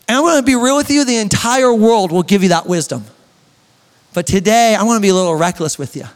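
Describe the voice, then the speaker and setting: A young man preaching a sermon as a pastor, with an emphatic, drawn-out delivery, sudden shouts and joking asides. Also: high voice, smooth. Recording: echoey church hall reverb.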